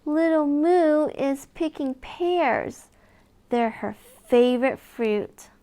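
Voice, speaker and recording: A woman with a high, light voice reads a children's picture book aloud. She takes her time, leaving room after each line. Her delivery is gentle and sing-song, full of small gasps and coaxing questions. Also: lively intonation, slow. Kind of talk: read-aloud for young children.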